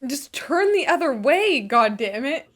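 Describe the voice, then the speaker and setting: A woman's voice: high voice, very animated, unhurried. A woman co-hosting a casual anime reaction show, giggling and teasing the characters as she talks back to the screen.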